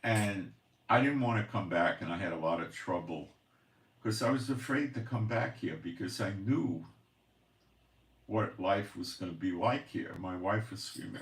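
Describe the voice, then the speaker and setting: A man's voice: on the low side, lively intonation, normal speed, far from the mic. A man hosting his own channel, talking in a rambling, exasperated monologue, complaining and sighing as he goes. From Israel. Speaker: channel host, prophecy commentator. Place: home in the Galilee, Israel. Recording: roomy echo, voice off-mic.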